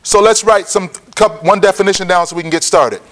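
A man teaching a Bible lesson, often checking that listeners follow and repeating key points slowly for notes. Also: high voice, a bit bright. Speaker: preacher.

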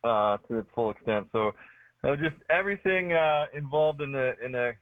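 A man's voice: medium pitch, moderate pace, no room sound. A man from Canada with a Canadian accent, calling into a radio show as a guest, modest and plain-spoken with a dry sense of humor. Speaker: guest, pool maintenance business owner. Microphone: phone call into the studio. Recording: tinny phone line.

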